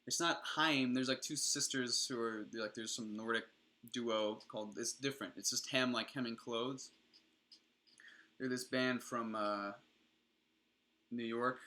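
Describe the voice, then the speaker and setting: Young guy streamer rambling about music, bright clear tone, swears a lot. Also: medium pitch, fairly even intonation, measured pace, pauses often. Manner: rambling, profane, enthusiastic. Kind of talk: casual stream chat.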